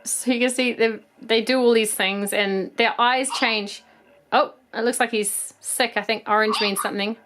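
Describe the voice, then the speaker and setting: There's a little hiss or hum behind a woman whose voice is fairly high, steady and fairly bright, at a normal speed. A New Zealander in her thirties and host of a toy collector vlog, she shows off toy finds in a casual haul chat, rambling chattily with plenty of ums.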